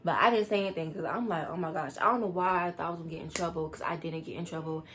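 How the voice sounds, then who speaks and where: A teenage girl telling a storytime vlog, rushed and rambling as she tries to calm down. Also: lowish voice, a little hiss or hum. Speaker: vlogger.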